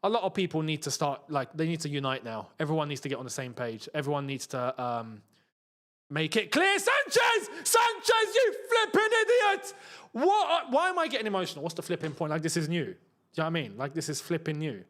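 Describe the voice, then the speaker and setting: A man's voice: on the high side, animated, fast. A young man hosting a live football watchalong, chatting and reading out viewer comments. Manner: chatty, reads out viewer comments, bursts into emotional shouts. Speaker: football channel host.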